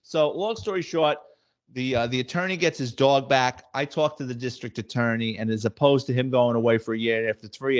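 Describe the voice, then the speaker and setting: Blunt New man spinning cop stories. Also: medium pitch. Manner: blunt, wisecracking, acts out quoted dialogue. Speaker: former police detective and author. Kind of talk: casual anecdotal storytelling. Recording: slightly muffled audio.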